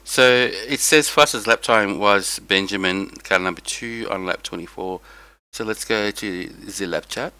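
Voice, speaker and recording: Slow-talking tired male streamer. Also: on the low side, pushed and bright, clean tone, no echo, rough recording. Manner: rambling, talks to chat viewers. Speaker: sim racing streamer. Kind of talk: casual live stream chat.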